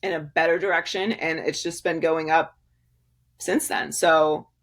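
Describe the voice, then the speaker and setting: A woman with a somewhat low voice talks through career advice in a candid interview. She is emphatic and laughs often, circling back and restarting her sentences as she goes. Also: steady tone, unhurried. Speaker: sports media guest.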